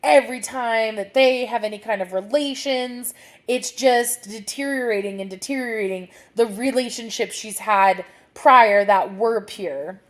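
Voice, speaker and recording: A young woman talks through a play in a relaxed lesson, sprinkling her speech with "like." Her voice sits a little high, and she has the hiccups. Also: unhurried. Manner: chatty, many "like" fillers, reads quotes aloud. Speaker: literature teacher. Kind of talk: casual analysis with dramatic readings.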